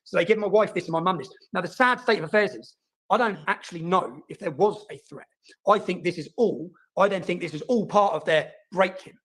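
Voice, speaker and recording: A man telling his own story, fast and emphatic, often repeating words and asking "yeah?". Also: sits high, a bit bright. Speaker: interviewee in played clip. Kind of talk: animated personal storytelling.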